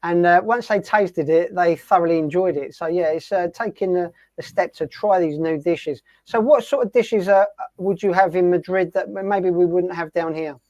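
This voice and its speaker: A man hosting a radio show, asking a guest questions in an easygoing, halting way. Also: sits high, a little mellow, no room sound. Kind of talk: casual interview chat. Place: home on the coast in southern Spain. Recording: dry, dull lo-fi sound.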